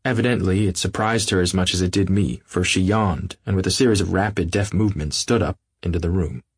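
A man narrates an audiobook in a measured first-person reading. His deep voice carries a husky edge. The recording is close and dry. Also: fairly even intonation, no room sound. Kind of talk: scripted narration.

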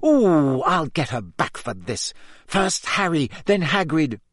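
A man reading a story aloud, voicing a fierce, clever teenage schoolgirl in a high, indignant, sharp voice. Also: very animated, takes it slowly, dry recording, studio quality, exaggerated voice. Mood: defiant.

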